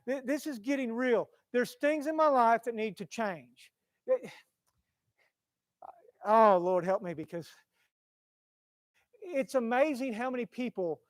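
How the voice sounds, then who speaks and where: Impassioned high-voiced male preacher. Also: unhurried, pauses often, dry recording. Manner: impassioned, swings from loud to hushed, repeats phrases. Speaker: pastor. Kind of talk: sermon. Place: church.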